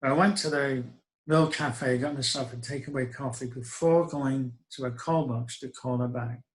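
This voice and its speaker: A man's voice: medium pitch, steady tone, moderate pace, low-quality recording. A middle-aged man, telling a personal story in a reflective, wry way with hesitant restarts. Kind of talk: first-person spoken storytelling.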